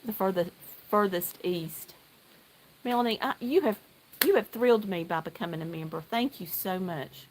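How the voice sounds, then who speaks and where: A middle-aged woman from North Carolina, chatting casually with viewers on a livestream, excitable and greeting people by name. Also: medium pitch, normal speed, noisy background. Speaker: livestream host. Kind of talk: casual live chat while knitting. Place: outdoor deck at home.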